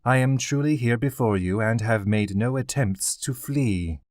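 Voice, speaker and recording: A man reading an audiobook, voicing a proud, haughty female owl-folk queen with formal, measured speech. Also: mid-range voice, a little mellow, no room sound, clean studio sound, natural voice.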